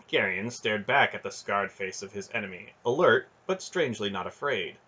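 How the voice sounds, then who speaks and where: Male audiobook narrator, low-ish, husky voice, dull lo-fi recording. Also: normal speed, few pauses. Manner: steady storytelling with occasional restarts. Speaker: audiobook reader. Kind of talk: fantasy novel narration.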